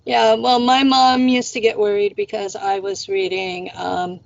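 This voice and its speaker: A woman's voice: medium pitch, little pitch movement, measured pace, creaky. A woman hosting a podcast, chatting casually and thoughtfully. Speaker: podcast host. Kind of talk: casual chat. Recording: dull lo-fi audio.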